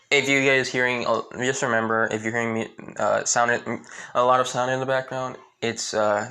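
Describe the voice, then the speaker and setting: A man's voice: mid-range voice, a bit bright. A man casually improvising a fan fiction story aloud, rambling along with lots of fillers, restarts and repeated stock phrases.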